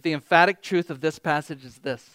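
A man preaching a sermon as pastor, animated, reading scripture with rising emphasis and joking about himself. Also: on the high side, fairly quick, no echo. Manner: animated, quotes scripture with rising emphasis, self-deprecating humor.

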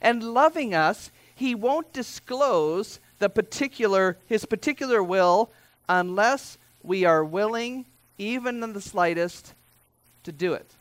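A man preaching a sermon as pastor, speaking in a conversational way with asides and quick self-corrections. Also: high voice, expressive, a bit bright, no echo.

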